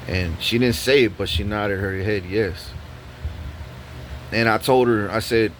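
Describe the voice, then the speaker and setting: A man's voice: on the low side, normal speed, fairly bright tone, a little hiss or hum. A man vlogging a profane, rambling story, full of restarts and repeated words. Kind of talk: ranting story vlog.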